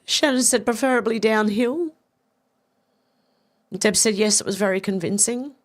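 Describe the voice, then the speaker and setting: A woman's voice: mid-range voice, normal speed. A middle-aged Australian woman hosting a casual live stream, reading viewer comments aloud with effusive, chatty thanks and a slightly congested voice. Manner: chatty, effusive, warm thanks, many restarts. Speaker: livestream host.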